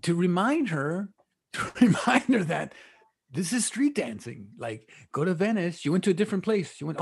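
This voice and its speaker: A man's voice: high voice, very animated, a little fast, vocal fry, slightly rough. A man bantering on a podcast in a profane, joking way. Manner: profane, jokey, laughing. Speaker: podcast co-host. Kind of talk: casual banter.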